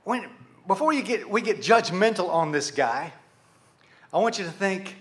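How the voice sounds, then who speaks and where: A man preaching a sermon to a congregation, animated, asking rhetorical questions and speaking to them directly. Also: sits high, normal speed. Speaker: pastor.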